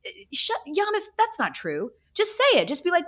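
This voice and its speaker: Chatty woman co-host, lively pitch. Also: moderate pace, hardly any pauses. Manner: chatty, exasperated, candid. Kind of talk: casual sports talk.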